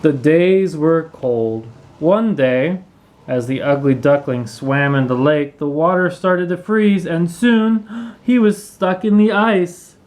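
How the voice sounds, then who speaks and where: Slow, clear male storybook reader. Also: on the high side, darkish tone, low-quality recording. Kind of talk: children's story read-aloud.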